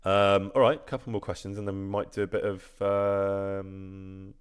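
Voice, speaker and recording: A man's voice: sits low, level tone, unhurried, clean tone. A man, chatting casually on a live stream and answering viewer questions, self-deprecating and laughing often. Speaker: streamer and actor.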